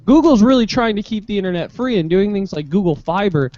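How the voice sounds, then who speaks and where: A co-host talking in a rambling, excitable way, full of "like", on a dull video-call line. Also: male voice, a little fast, no room sound. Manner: rambling, lots of "like", rising pitch when excited. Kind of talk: casual podcast chat. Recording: dull, dry lo-fi call audio.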